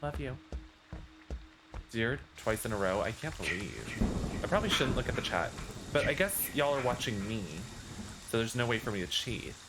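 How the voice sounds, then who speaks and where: A man's voice: mid-range voice, lively intonation, normal speed, long pauses, low-quality recording. A man streaming a video game, chatting casually and reading out chat requests. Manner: chatty, reads chat aloud. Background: game music.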